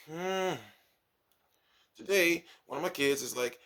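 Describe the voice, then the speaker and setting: Animated gravelly man telling teaching stories. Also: medium pitch, moderate pace, long pauses. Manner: animated, acts out his pupils. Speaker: kindergarten teacher. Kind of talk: casual storytelling vlog.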